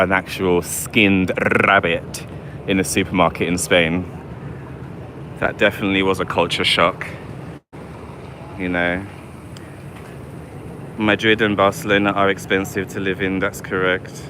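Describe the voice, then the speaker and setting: A man's voice: deep voice, little pitch movement, a little slow, pauses often, background noise. A man from England with a London accent, chatting casually on a live walking-tour stream and reading viewer comments aloud while walking outdoors on a city street. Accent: London English. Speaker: vlogger.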